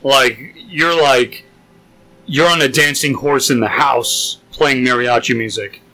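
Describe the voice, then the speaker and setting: A man's voice: mid-range voice, slow, bright, forceful tone, faint music behind, poor audio. A young man chatting casually on a podcast, blunt and joking with crude humor. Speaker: podcast co-host. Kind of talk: casual chat.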